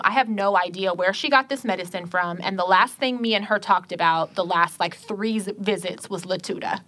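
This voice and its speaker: Animated young woman telling a story. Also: mid-range voice, brisk, hardly any pauses. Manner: animated storytelling, acting out quotes, swears freely. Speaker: podcast co-host. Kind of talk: casual chat.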